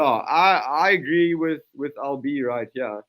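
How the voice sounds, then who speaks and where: A man commentating a rugby match live for a watchalong stream, calling play-by-play with frequent restarts and sudden bursts of excitement. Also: mid-range voice. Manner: brisk play-by-play with frequent restarts, surges of excitement at big plays.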